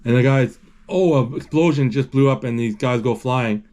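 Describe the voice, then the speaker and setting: Halting man narrating a film live. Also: mid-range voice, darkish tone. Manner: halting, searching for words; frequent restarts and fillers. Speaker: movie describer.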